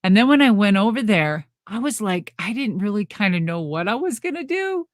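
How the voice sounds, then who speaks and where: In a casual interview, a middle-aged woman tells a backstage story in a mid-range, very animated voice at a fairly quick pace. She rambles, laughs often and acts out what people said, captured in clean studio sound with no echo.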